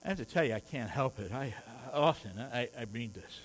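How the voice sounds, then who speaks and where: A man's voice: mid-range voice, expressive, moderate pace, a little hiss or hum, low-quality recording. A man preaching a conversational sermon, earnest and heartfelt, often stumbling over and repeating his words.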